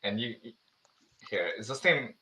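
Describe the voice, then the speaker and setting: Bright-voiced man hosting in an echoey room. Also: on the low side, animated. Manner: chatty, halting, restarts often. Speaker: podcast host. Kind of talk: casual chat, reading a listener letter.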